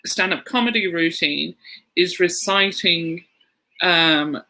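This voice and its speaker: Bright-voiced man telling stories. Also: high voice, slow, rough recording. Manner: rambling storyteller, laughs through anecdotes. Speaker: podcast co-host. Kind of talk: casual chat.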